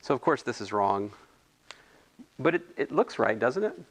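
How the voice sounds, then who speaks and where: A man's voice: medium pitch, sing-song, normal speed. A man tutoring physics homework in a casual, thinking-aloud way, correcting himself and adding chatty asides.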